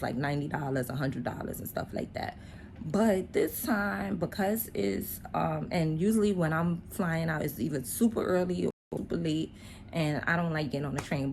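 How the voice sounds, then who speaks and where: A woman's voice: fairly low pitch, gravelly. A woman in her forties vlogging on her phone, talking casually and straight to her viewers as she heads out. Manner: relaxed, talks straight to viewers. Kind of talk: casual chatty vlog. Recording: loud street traffic noise.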